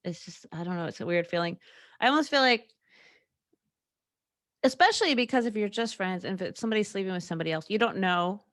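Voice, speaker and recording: A woman's voice: medium pitch, animated, quick pace, pauses often, a bit bright, no room sound, clean studio sound. A young woman hosting a solo podcast, talking candidly and rambling, with frequent laughs and fillers. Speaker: podcast host. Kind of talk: casual solo podcast chat.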